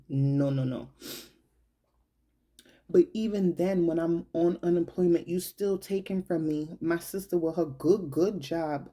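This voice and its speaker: A young adult woman talks slowly and from the heart in a personal monologue. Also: deep voice, dark tone. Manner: slow, heartfelt, colloquial and conversational. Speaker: vlogger.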